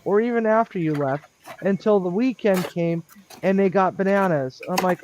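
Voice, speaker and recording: A man's voice: high voice, normal speed, slight background noise. Chatty man rambling through a story. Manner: chatty, lots of ums, animated when quoting others. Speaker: live streamer telling a work story. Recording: dull lo-fi dry sound.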